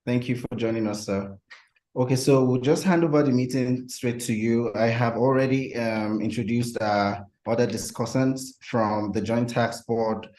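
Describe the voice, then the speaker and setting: A man's voice: mid-range voice, normal speed, darkish tone, reverberant, rough recording. A man hosting an online webinar, speaking politely with many hesitations. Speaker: webinar host.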